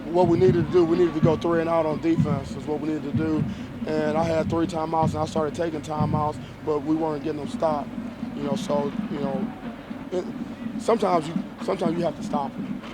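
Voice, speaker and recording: Football coach guy at a post-game presser outside, flat steady voice, keeps restarting his sentences, noisy. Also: a little high. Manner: measured, repeats and restarts phrases, emphatic. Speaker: college football head coach.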